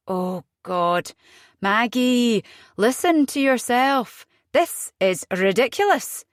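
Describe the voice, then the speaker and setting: This is a woman reading scripted audiobook narration, her pitch fairly low and her delivery even and measured. The studio sound is clean, with no room audible.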